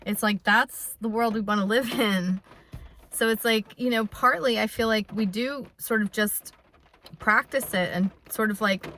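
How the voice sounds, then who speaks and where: A woman in her fifties speaks in a bright, clear voice, talking freely in a personal vlog. She rambles and restarts, heartfelt and near tears. Faint background noise sits under her voice. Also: a little high. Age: 50s. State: close to tears. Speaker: vlogger. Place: in her truck on a rainy day.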